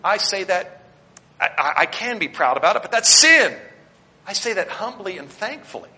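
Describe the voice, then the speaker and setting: A man preaching a sermon with a bright, forceful voice that sits somewhat high. He swings between loud emphatic declarations and quiet asides, speaking straight to the congregation. The sound rings with the long reverb of a church sanctuary. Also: lively intonation, normal speed. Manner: addresses the congregation directly and points them to their notes. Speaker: Baptist pastor.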